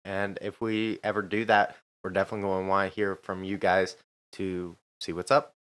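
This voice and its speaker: A young man co-hosting a podcast in casual chat, easygoing and quick to laugh. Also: deep voice, level tone, a bit bright, clean tone. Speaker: podcast co-host.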